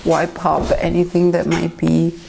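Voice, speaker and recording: Gravelly, slow-talking woman vlogger. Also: on the low side, completely flat delivery, noisy background. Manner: nervous, candid, complaining of pain. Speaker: beauty vlogger. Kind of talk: casual vlog talk to camera. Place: at home indoors.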